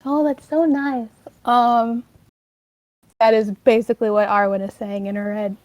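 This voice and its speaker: A woman's voice: fairly high pitch, fairly even intonation, a little slow, a little mellow, no room sound, muffled recording. Chatty woman player, dry close sound. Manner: casual and chatty. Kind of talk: casual tabletop play.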